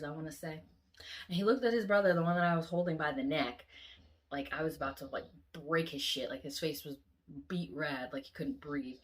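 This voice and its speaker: Woman vlogger, dream story, animated, swears, slightly low voice. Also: noisy background. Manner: animated, swears often, acts out quotes.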